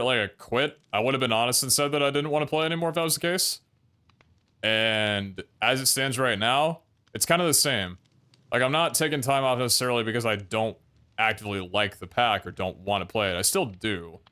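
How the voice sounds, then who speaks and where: A man's voice: mid-range voice, expressive, fairly quick, pushed and bright, clean tone. A young man chatting casually and tiredly on a game stream, rambling, swearing and laughing often. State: tired, yawning.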